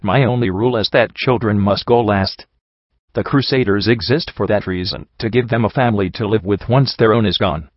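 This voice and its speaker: A man voicing a calm, sorrowful male pony priest in an audiobook reading, speaking in a measured, gently reasoning way. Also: on the low side, no echo, lightly acted. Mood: pained. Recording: dull lo-fi dry recording.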